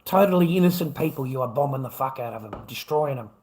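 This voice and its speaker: A man's voice: mid-range voice, expressive, quick pace, a little mellow. A man with an Australian accent, ranting angrily and profanely at an unseen opponent on his livestream. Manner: angry, profane, lecturing.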